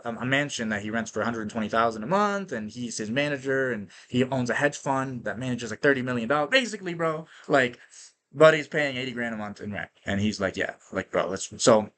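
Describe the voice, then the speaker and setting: A podcast host tells stories in an energetic, casual monologue packed with profanity and tag questions like "right?". His voice is mid-range, and there's slight background noise.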